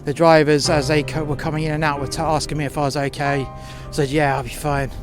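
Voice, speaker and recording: A man telling a first-person story outdoors in the cold, halting with fillers and breaking into profane outbursts. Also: a little high, flat delivery, over music.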